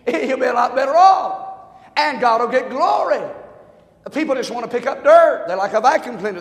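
A man preaching a sermon, telling a folksy joke story and swinging from quiet talk to shouting. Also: extremely high pitch. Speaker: pastor. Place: church sanctuary. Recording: echoey hall, long reverb.

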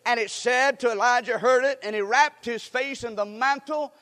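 A man's voice: very high voice, normal speed, pushed and bright. A man preaching a sermon who reads scripture and asks rhetorical questions, repeating them and calling on the congregation to respond. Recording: long reverb in a large hall.

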